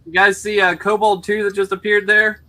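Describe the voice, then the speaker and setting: A man running a tabletop game as game master, talking in halting bursts full of fillers and restarts. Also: high voice, flat delivery, pushed and bright.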